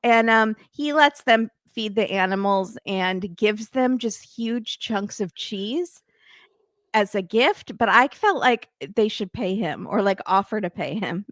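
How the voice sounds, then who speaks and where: A woman's voice: medium pitch, measured pace, fairly bright tone, no echo, clean studio sound. A woman hosting a podcast, chatting casually and sarcastically as she recaps a reality show, laughing often. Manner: sarcastic, laughing, quotes people in put-on voices. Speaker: podcast host.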